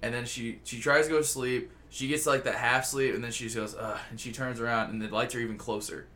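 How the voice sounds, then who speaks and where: Bright, forceful man telling a rambling story. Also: mid-range voice, steady tone, fast talker, a little hiss or hum. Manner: rambling, profane and jokey. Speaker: podcast host. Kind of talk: casual storytelling chat.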